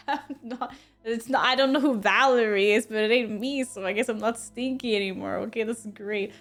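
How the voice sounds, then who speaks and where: Giggly high-voiced woman streamer. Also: normal speed, a bit bright. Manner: giggly, exclaiming, thanking chat in bursts. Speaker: game streamer. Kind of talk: casual live-stream chat.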